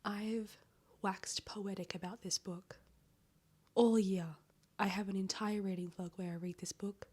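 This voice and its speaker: A woman in a casual book-review vlog, talking in a breathy, near-whispered, slightly hoarse voice, chatty and rambling with casual swearing. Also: mid-range voice, steady tone, unhurried, darkish tone. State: hoarse, voice cracking. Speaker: book vlogger.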